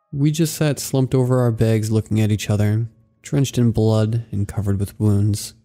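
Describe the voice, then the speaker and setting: A man reading a scary story aloud in a measured, somber storytelling manner. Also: on the low side, warm tone. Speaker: narrator. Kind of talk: scripted horror story narration. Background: faint music.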